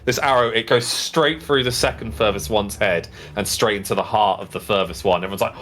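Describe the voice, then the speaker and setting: A man's voice: fairly low pitch, fairly quick, hardly any pauses, noisy background. A man narrating as game master of a tabletop game, in a casual, rambling way full of fillers.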